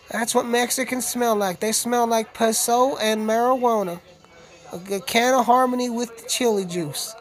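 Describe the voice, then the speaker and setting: A man's voice: very high-pitched, voice pushed up. A man putting on the voice of a folksy, rambling country cowboy. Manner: drawling put-on cowboy voice.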